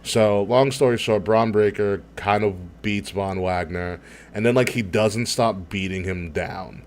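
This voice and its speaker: A man with a fairly low voice co-hosts a casual podcast. He talks in excited, rambling bursts, swears freely and breaks into laughter often. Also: unhurried, slight background noise. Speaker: podcast co-host. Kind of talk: casual chat.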